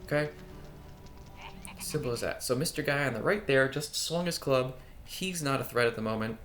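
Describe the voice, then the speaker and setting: A man's voice: medium pitch, a bit bright. A man giving casual, playful commentary over his own gameplay footage as a guide creator, swearing now and then.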